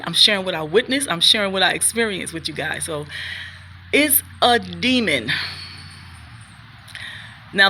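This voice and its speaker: A woman's voice: mid-range voice, sharp tone, a little hiss or hum. A middle-aged woman vlogging to her viewers about faith and personal struggle, earnest and preachy, repeating phrases and sometimes fumbling her words. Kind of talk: faith-based personal vlog, talking to viewers.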